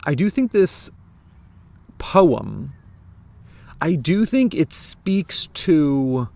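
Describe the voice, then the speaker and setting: A young American man with an American accent, talking casually to camera about a book he enjoyed, animated and rambling with restarts. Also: on the high side, drawn-out words, gravelly. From United States. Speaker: book reviewer.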